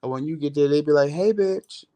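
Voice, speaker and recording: A man hosting a vlog, chatting casually in a relaxed, talkative way. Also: a little high, very fast, smooth. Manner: relaxed, talkative, Southern US vernacular. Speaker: vlog host. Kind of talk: casual chat.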